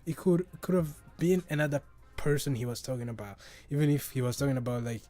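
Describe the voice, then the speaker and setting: Man, from africa, podcast host, casual rambling, profane, stumbling restarts, medium pitch, faint background music. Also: fast, dark tone. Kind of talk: casual solo podcast chat.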